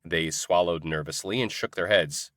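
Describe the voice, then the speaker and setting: A man narrating a first-person audiobook in an expressive, conversational way. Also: deep voice, normal speed, dry recording, studio quality.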